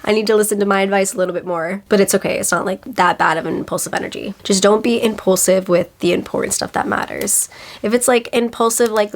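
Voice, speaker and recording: A young woman in her twenties talking casually and earnestly to camera, giving astrology advice with lots of filler words. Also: medium pitch. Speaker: astrology content creator. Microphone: camera mic.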